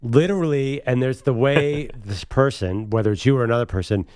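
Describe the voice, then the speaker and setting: A man's voice: mid-range voice, brisk, a little mellow, clean tone, no echo, clean studio sound. A man co-hosting a sports radio show, joking about himself and laughing often in casual banter. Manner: jokey, self-mocking, laughs often.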